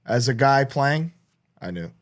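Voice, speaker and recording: A man co-hosting a podcast in casual chat, telling stories with lots of swearing and quick restarts. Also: mid-range voice. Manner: animated storytelling, heavy swearing, frequent restarts. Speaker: podcast co-host.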